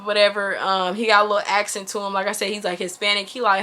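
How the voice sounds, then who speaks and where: A woman's voice: medium pitch, quick pace. A woman in her twenties telling a story to her viewers in a casual, chatty, slang-filled way. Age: 20s. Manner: chatty and animated, addresses viewers as y'all, slangy. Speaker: vlogger.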